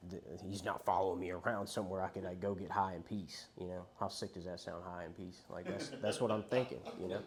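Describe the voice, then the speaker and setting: Young guy sharing his recovery story, lowish voice, swears a lot, just talking to the group. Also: a little mellow. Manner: candid, profane, conversational storytelling. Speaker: recovery speaker.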